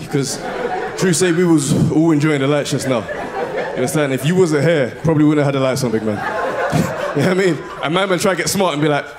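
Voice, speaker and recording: A young man doing a slangy, animated stand-up comedy set. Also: on the high side, fast talker, crowd noise. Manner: animated, slangy, swings into loud shouted bits. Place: live comedy venue with audience.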